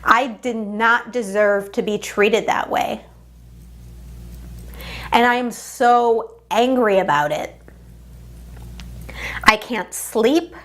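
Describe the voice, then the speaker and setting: A woman coach leading a guided tapping session, speaking in deliberate, repeated affirmations. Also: fairly high pitch.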